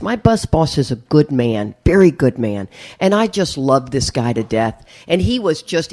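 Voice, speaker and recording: Middle-aged woman, recovery-meeting speaker; animated storyteller who laughs often and mimics the people in her tale. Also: low voice. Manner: lively, laughing, acts out voices in her story. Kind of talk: storytelling talk to an audience.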